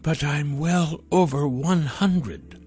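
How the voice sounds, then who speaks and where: A man voicing a tall, mysterious woman in black robes who is over a hundred years old, warm and soothing. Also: a little high, lively intonation, slow pace, slightly rough, voice pushed up, exaggerated voice. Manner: gentle, coaxing.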